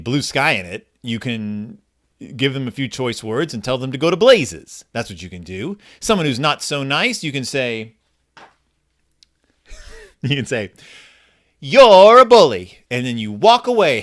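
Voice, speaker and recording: A man's voice: mid-range voice, a bit bright. A middle-aged man hosting a podcast, reading a children's book aloud with wry, self-deprecating commentary and mumbled asides. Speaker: podcast host.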